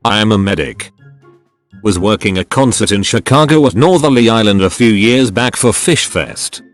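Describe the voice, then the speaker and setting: A man reading online stories aloud in an animated storytelling delivery. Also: lowish voice, moderate pace, faint music behind. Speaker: narrator reading forum stories.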